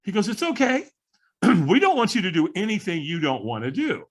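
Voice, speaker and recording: A man telling a story in a casual interview, his voice swinging widely as he acts out what others said. The tone is a bit husky and sits fairly high for a man. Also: wildly swooping pitch, a little fast. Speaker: podcast guest.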